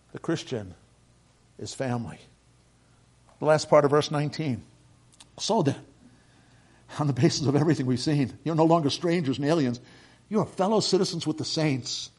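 A middle-aged male pastor preaching a sermon, emphatic, swinging between loud bursts and quiet asides, repeating phrases for stress. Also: a little high. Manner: repeats phrases for stress, quotes scripture and hymns.

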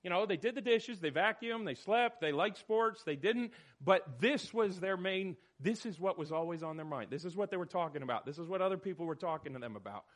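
High, lively male group leader. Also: fairly quick, hardly any pauses. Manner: animated, questioning, calls on people by name. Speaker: church study group leader. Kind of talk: animated discussion leading.

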